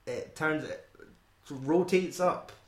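A man's voice: a little high, slow, echoey room. A Scottish man co-hosting a podcast, rambling and swearing casually as he talks through a film. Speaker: podcast co-host.

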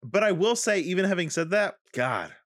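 Animated man in casual movie chat. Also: sits high, a little fast, dry recording, studio quality. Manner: animated, laughs while arguing. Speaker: podcast co-host.

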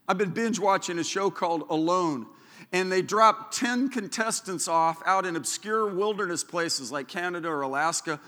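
A man preaches with fervor, his voice pitched high and bright as he builds to loud declarations. The sound carries the long reverb of a church hall. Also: normal speed. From Southern California. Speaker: pastor. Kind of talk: sermon. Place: church sanctuary.

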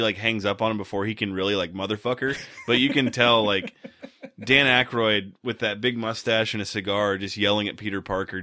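A man's voice: lowish voice, bright, forceful tone, dry recording, studio quality. A young man co-hosting a podcast, recapping a movie in a casual, profane, wry way. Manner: profane, laid-back, wry. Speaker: podcast co-host.

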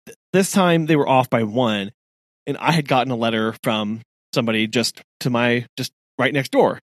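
A man co-hosting a podcast, chatting casually in an animated way with frequent laughs and restarts. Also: medium pitch, normal speed, no room sound, clean studio sound. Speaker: podcast co-host.

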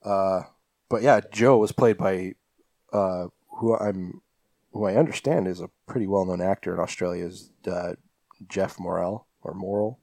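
Low-pitched guy rambling on a podcast, dry close mic, lots of uh and um. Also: fairly even intonation, normal speed, vocal fry, a little mellow, no echo. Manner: rambling, many fillers and restarts. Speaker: podcast co-host. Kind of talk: casual podcast chat recapping a film.

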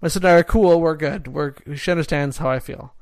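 Rambling Canadian man, somewhat high voice. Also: fast, vocal fry, dry recording. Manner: rambling, self-interrupting, frequent "like". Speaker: podcast co-host. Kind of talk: casual podcast chat.

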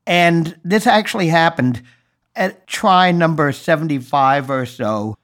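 A man's voice: fairly high pitch, unhurried, a bit bright. A man hosting a podcast, telling a story in a wry, self-deprecating way. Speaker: podcast host. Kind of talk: storytelling monologue.

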